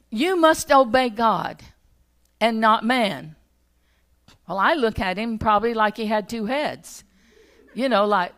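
A woman's voice: a little high, fairly bright tone. An older woman preaching a sermon, telling a personal story in a conversational, self-correcting way.

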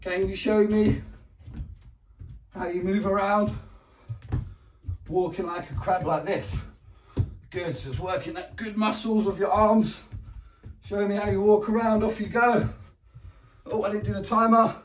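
A man's voice: fairly even intonation, measured pace, pauses often, a little hiss or hum. A man with an English accent leading a home PE lesson for young children, encouraging them, counting down and often praising them. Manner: makes animal noises, roars and squeaks. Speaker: primary school PE teacher. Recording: echoey room, mic far away.

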